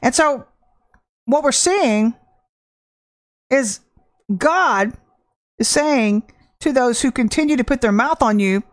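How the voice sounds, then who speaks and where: A woman preaches a prophetic word with fervent emphasis. Her fairly high voice stretches some phrases slowly and rushes through others. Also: expressive. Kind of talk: prophetic sermon.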